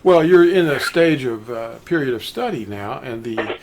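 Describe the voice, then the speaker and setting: A man's voice: medium pitch, animated, moderate pace, darkish tone, a little hiss or hum. Rambling older man on a call. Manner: rambling, mimics people mockingly. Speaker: teacher on a phone call. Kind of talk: casual phone conversation.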